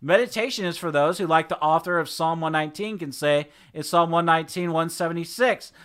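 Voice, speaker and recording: Bright high-voiced male preacher. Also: brisk, smooth. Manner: earnest, emphatic, repeats words as he restarts. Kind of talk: sermon.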